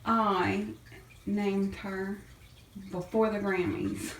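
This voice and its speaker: Slow-talking woman cooing over kittens. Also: mid-range voice, steady tone, a little hiss or hum, low-quality recording. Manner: chatty, coos and baby-talks to the kittens. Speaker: cat fosterer filming a vlog. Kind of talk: casual vlog chat. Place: foster room indoors. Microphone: handheld camera.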